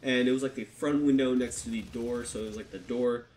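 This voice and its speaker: A man's voice: medium pitch, fairly even intonation, fairly quick, a little mellow, slight background noise. A young man casually telling a personal story to camera, swearing a lot and acting out what people said. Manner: casual, swears heavily, acts out quotes. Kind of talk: storytime vlog. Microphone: desktop USB microphone.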